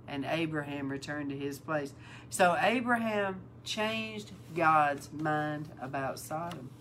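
A woman hosting a Bible talk, reading King James scripture aloud and breaking in with animated, amused commentary. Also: lowish voice, a little hiss or hum, poor audio. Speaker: host and Bible teacher.

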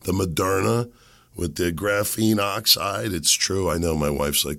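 A man hosting a podcast while sick and losing his voice. He rambles and makes sarcastic, muttered asides into a desk boom mic. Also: a little slow, creaky, fairly bright tone. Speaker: podcast host. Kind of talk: casual commentary monologue. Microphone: boom microphone on a desk.

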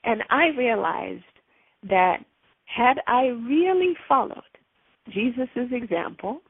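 Animated woman telling a personal story. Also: a little high, breathy edge, no room sound, narrow, tinny audio. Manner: animated, dramatic retelling with acted quotes. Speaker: podcast host.

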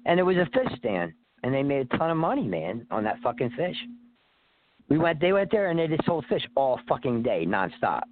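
A man's voice: medium pitch, sing-song, a little fast. A man calling in to a talk radio show, talking in a rambling, profane, streetwise way. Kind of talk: casual phone-in chat. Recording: tinny phone line.

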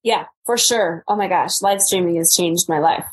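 Thirties woman guest, lively storyteller, husky tone, video-call chat. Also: on the low side, moderate pace. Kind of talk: casual interview chat.

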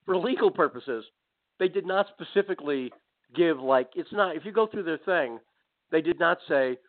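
A man's voice: a little high, expressive, moderate pace. A man hosting a talk radio show, telling a story with sarcastic, rambling asides. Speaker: radio host. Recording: phone-like narrow band audio.

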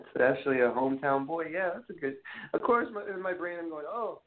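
A man's voice: fairly high pitch, expressive, quick pace. A man from Brooklyn with a New York accent, hosting a casual call-in interview and telling rambling, profanity-laced stories. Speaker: podcast host. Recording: tinny phone-line sound, faint noise.

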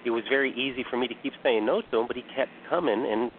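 Regular guy guest on the phone, kinda halting, tinny line. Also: medium pitch, slight background noise. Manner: hesitant, many restarts. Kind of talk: casual call-in chat.

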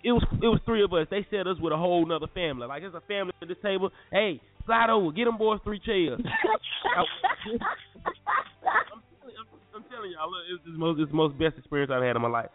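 Young guy on a podcast, kinda high voice, sounds like it's over the phone w/ faint music. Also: quick pace, narrow, tinny audio. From North Carolina. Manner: animated, slangy, addresses listeners as y'all. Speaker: podcast host. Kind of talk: casual storytelling.

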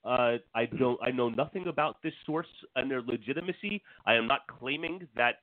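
A man's voice: mid-range voice, normal speed, dry recording. Hesitant man on a phone-thin line. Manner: hesitant, cautious, many uhs. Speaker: podcast co-host. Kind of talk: casual podcast chat. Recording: tinny dry phone-like line.

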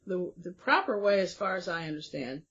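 A woman's voice: lowish voice, animated, a little fast, a bit bright. A woman hosting an interview, chatting and reading passages aloud with frequent fillers. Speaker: interview host. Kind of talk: conversational interview. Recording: dull lo-fi audio.

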